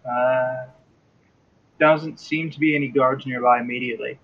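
A man with an Australian accent narrating a tabletop game as game master, pausing often with fillers as he describes scenes. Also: mid-range voice, fairly even intonation, lo-fi sound. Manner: hesitant, with many uh fillers while describing scenes.

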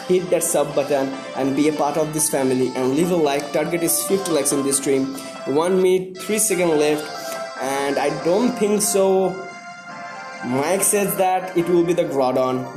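A young man from India hosting a live stream, greeting viewers by name and repeating himself excitedly. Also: on the high side, moderate pace, music in the background.

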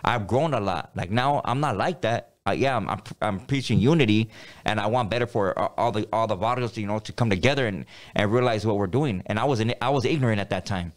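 Middle-aged male interview guest, lowish voice, slangy and rambling storyteller. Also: quick pace. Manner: rambling, full of street slang and repeated words. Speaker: podcast guest.

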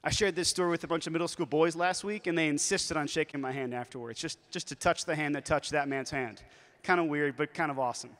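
A man speaks to a youth conference, telling stories with lively, shifting emphasis. His voice sits high for a man. Long reverb from the large hall trails each phrase. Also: quick pace.

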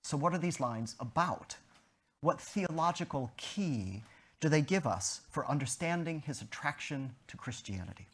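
A man giving an academic lecture, in a measured, deliberate way with emphatic stresses and a slightly husky voice. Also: on the high side, animated, fairly bright tone.

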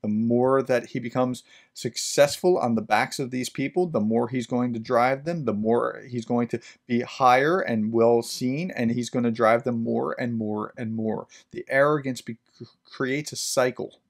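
Male professor host, chatty lecturer with a gravelly tone, mid pitch. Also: unhurried. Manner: conversational, explanatory asides with fillers. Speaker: management professor and podcast host. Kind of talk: reading a children's book with commentary.

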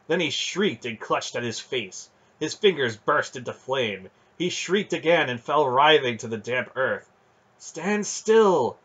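Husky male fantasy audiobook narrator. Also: medium pitch. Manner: steady storytelling narration. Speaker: audiobook reader.

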